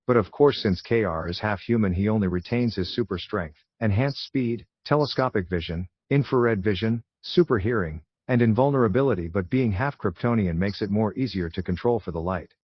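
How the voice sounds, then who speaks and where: A man voicing an excitable, nervous male scientist who talks eagerly and stumbles over words. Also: lowish voice, a little fast, few pauses, husky, no echo. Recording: dull lo-fi recording.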